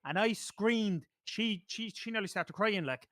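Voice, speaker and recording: High-voiced excitable football fan man. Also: a little slow. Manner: excitable, swears, colourful comparisons. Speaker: co-host of a football watch-along. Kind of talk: casual football chat.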